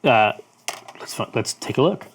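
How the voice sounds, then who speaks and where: A man running a tabletop game, describing items in a measured way with small restarts. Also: medium pitch, big pitch swings, a little hiss or hum. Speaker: game master.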